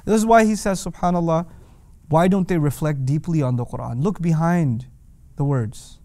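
A man lecturing on the Quran's wording who asks lively rhetorical questions and slips into Arabic recitation. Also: on the high side, moderate pace, no echo. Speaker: Quran teacher.

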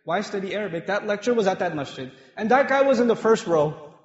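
Male preacher from Pakistan, lively humorous sermon, long hall reverb. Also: high voice, a little fast. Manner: animated, humorous storytelling. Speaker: mosque lecturer. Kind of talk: sermon with personal stories. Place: mosque hall with women's gallery upstairs. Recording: echoey hall, dull sound.

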